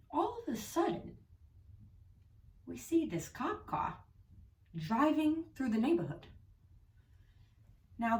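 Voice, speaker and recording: A woman's voice: high-pitched, fairly bright tone, reverberant, far from the mic. Goofy woman with a thick Long Island accent. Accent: exaggerated Long Island. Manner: profane, exasperated and goofy. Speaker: comedian. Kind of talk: comedic storytelling monologue.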